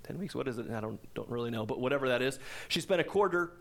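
A pastor in his forties preaching a sermon in a relaxed, conversational way, breaking off for asides and rhetorical questions. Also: mid-range voice, fast talker, gravelly.

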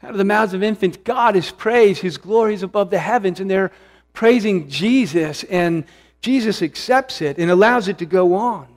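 Earnest preacher in a reverberant hall. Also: male voice, sits high, normal speed. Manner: earnest, searching, with restarts and rising emphasis. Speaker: pastor. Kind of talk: expository sermon.

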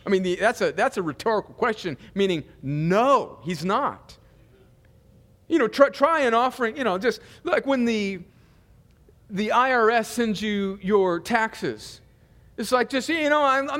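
Brief: man, pastor, chatty sermon with jokes, high voice, long hall echo. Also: lively intonation, a little slow, a bit bright. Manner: conversational preaching with humor and asides.

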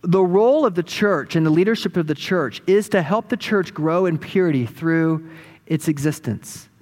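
A man preaches, his voice sitting fairly high as he retells a story with animated energy. His words ring out with a long, trailing reverb from a large hall. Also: normal speed. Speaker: pastor. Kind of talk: sermon.

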